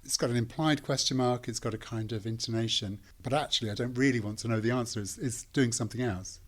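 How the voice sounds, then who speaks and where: A man's voice: mid-range voice, fast talker. Podcast host: man asking probing questions with a dry wit. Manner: probing, dryly humorous questions. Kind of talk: interview conversation.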